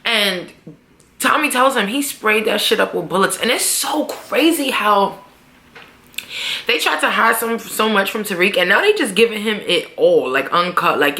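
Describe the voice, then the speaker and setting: Young woman doing a tv recap, bright lively voice, lots of slang and cussing, echoey room. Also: mid-range voice, moderate pace. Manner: animated, swearing, slangy, talks back to characters. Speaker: vlogger reviewing a TV episode. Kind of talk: casual recap with acted quotes.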